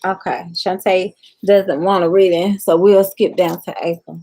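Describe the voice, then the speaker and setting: A woman's voice: lowish voice, fairly even intonation, a little slow, background noise. A woman hosting a live tarot reading, chatting casually and speaking straight to viewers by name.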